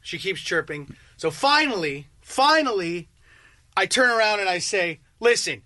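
Excitable high-voiced man telling a story. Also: unhurried, no room sound. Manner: excitable, acts out quotes, swings to yelling. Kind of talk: casual storytelling banter.

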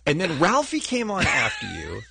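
A man's voice: very high voice, wildly swooping pitch, moderate pace, noisy background. A man hosting a radio show in a studio, teasing and joking in casual chat. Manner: jokey, teasing.

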